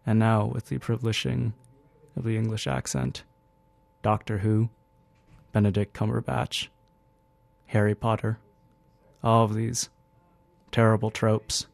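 A low-pitched man with a gravelly edge and a dark, mellow tone delivers a measured, academic commentary. His phrasing is halting as he hosts a radio show from a dry, close studio mic. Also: dry recording. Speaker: radio host. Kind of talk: spoken essay and commentary.

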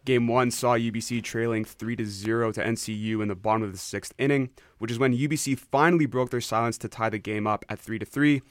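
A man on a sports show who talks quickly and playfully and teases his co-hosts. His voice is dry and close. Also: medium pitch, steady tone, no room sound. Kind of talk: casual sports chat.

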